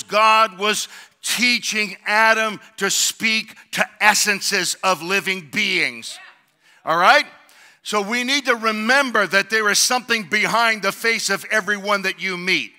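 Bright-voiced preaching man. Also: sits high. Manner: preaching with rising shouted emphasis and call-outs. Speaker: pastor. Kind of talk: sermon.

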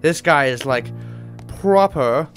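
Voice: medium pitch, lively intonation, takes it slowly. A person casually commenting on someone's video game play, giggly, rambling and playfully foul-mouthed over game music. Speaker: gamer watching and commenting.

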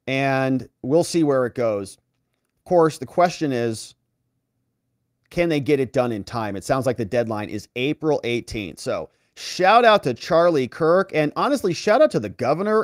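A man's voice: medium pitch, dry recording, studio quality. A man hosting a political commentary show, talking emphatically and directly to his viewers. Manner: animated, emphatic, talks straight to viewers. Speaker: host.

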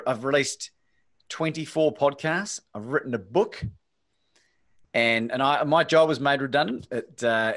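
A man's voice: mid-range voice, a bit bright. A man hosting a podcast, talking in an enthusiastic, reflective way with small restarts. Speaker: podcast host. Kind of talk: conversational interview.

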